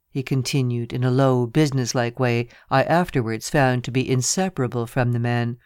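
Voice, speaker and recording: Measured first-person audiobook narrator. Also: mid-range voice, steady tone, a little mellow, smooth, no room sound, studio quality.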